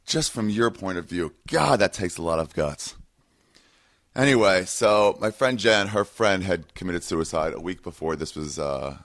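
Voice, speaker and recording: Man, podcast host, very low voice, casual rambling monologue. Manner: rambling, many ums and uhs, frank.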